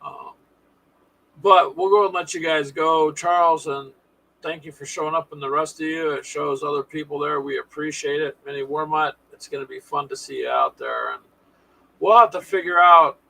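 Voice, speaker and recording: A man's voice: on the high side, animated, normal speed, creaky, sharp tone, poor audio. A man hosting a casual live stream, chatting with viewers in a folksy, sarcastic way.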